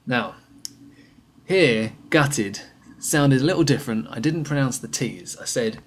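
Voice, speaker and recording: A man gives a simple lesson on everyday slang. He speaks clearly and patiently and repeats each example slowly so learners can follow. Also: mid-range voice. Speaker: English teacher.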